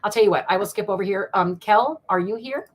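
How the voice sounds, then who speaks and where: A woman's voice: mid-range voice, a little fast. A woman giving live tarot readings to viewers, affectionate and rambling, often laughing and getting emotional. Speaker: tarot card reader. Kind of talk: live-stream card reading.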